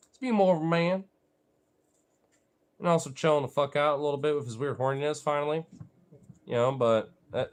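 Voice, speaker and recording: A man's voice: mid-range voice, fairly bright tone. A young man vlogging casually, talking to his dogs in a rambling, profane way full of fillers.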